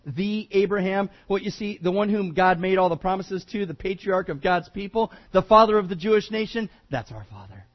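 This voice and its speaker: A man's voice: high-pitched, expressive, fairly quick, few pauses, highs cut off. A man voicing a smug group of proud men who boast about their lineage, in a dismissive tone. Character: smug proud first-century Jewish men.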